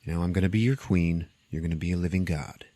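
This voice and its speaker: Man putting on a mummy queen, menacing, seductive, slow, low, dry close sound. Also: mellow, dry recording. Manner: slow, low, drawn-out delivery.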